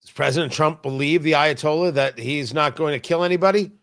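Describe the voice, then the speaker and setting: A man's voice: a little high, a little fast, fairly bright tone. A man hosting a talk show, giving an opinionated and emphatic political commentary monologue with a mocking edge at times.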